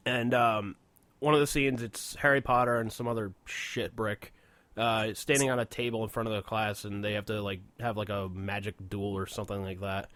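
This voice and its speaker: A man's voice: on the low side, fairly even intonation, normal speed, a bit bright, no echo. A young man co-hosting a podcast, telling a rambling story full of swearing and laughing at his own jokes. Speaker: podcast co-host. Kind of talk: casual profane chat.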